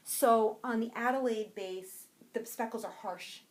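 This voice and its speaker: A young adult woman co-hosting a podcast, chatting casually and excitedly about yarn she bought, rambling and breaking off her own sentences. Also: a little high, unhurried. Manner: bubbly, rambling, self-interrupting. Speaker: podcast co-host.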